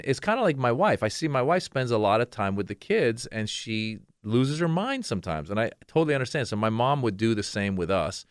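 A man in his forties from Iran, a comedian guest telling animated stories in a casual interview. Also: mid-range voice, clean tone, no echo, studio quality. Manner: animated, acts out voices in anecdotes.

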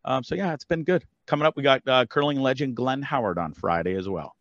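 A man's voice: mid-range voice, a little fast, fairly bright tone, dry recording, highs cut off. A man as a podcast guest, chatting in a friendly, upbeat way. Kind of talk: casual podcast chat.

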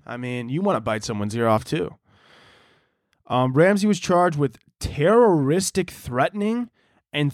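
Young man, podcast host, rambling, profane, a bit high-pitched, dry sound. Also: no echo. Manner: profane, rambling, animated storytelling. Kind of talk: casual comedic monologue.

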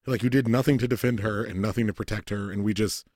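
A fast-talking man with a fairly low pitch hosts a podcast, rambling through a profanity-laden story and quoting people in exaggerated put-on voices. Studio quality, with no room sound.

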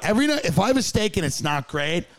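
A man's voice: sits high, very animated, quick pace, fairly bright tone, slight background noise. A man, joking wryly and bantering in a casual chat. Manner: wry, joking, dry banter. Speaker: podcast co-host.

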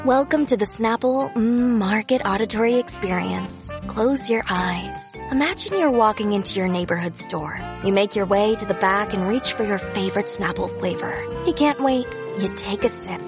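A woman reading a scripted ad, slow and soothing, guiding the listener. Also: medium pitch. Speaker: ad narrator. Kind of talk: scripted ad read. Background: music.

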